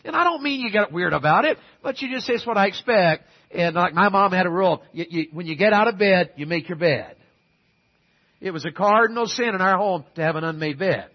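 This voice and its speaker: High-pitched and brisk, this middle-aged pastor delivers an animated sermon full of folksy tales and emphatic exhortations. The recording is muffled.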